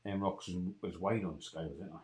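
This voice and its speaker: A man with a Geordie accent whose voice sits low for a man. He blusters along in a matey way, circling back to the same phrases again and again in comic banter. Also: a little fast, a little mellow. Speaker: co-host.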